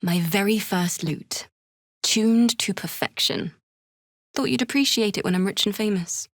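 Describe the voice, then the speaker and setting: The earnest young bard Alfira, dry close sound. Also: female voice, mid-range voice, unhurried, no room sound. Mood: wistful. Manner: emotional, shifts from shy apology to sudden anger. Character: young tiefling woman bard, earnest and grieving. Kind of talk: video game character dialogue.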